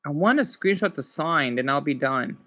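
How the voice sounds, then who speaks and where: A man's voice: on the high side, lively intonation, normal speed, pushed and bright, dull audio. A man from Arizona, chatting casually with livestream viewers in a rambling, emotional, apologetic way. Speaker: livestream host.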